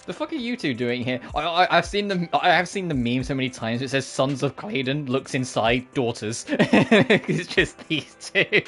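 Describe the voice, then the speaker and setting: Give me a man chatting casually through a game stream, swearing and reacting quickly, with faint music behind. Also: mid-range voice, a bit bright. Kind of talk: casual game playthrough commentary.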